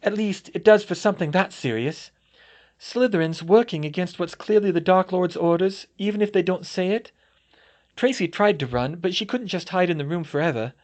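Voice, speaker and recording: A man's voice: high-pitched, moderate pace, pitched above the performer's own voice, natural voice. Man voicing a cold blunt young woman. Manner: blunt, matter-of-fact.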